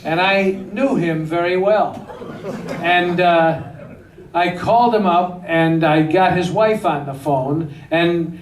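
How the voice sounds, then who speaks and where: Unhurried high-voiced man telling stories. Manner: animated anecdotal, laughing often. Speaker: film director guest. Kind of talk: storytelling at a Q&A. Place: theater. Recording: echoey hall from far off, faint noise.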